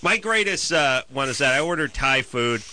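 A man hosting a radio show, telling rambling, animated comic stories in casual banter from a studio microphone. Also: medium pitch, normal speed. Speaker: radio host.

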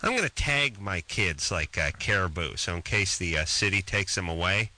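Man, radio host, wisecracking, crude, lowish voice, very bright tone, studio mic. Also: expressive, normal speed. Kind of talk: late-night radio call-in chat. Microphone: studio microphone.

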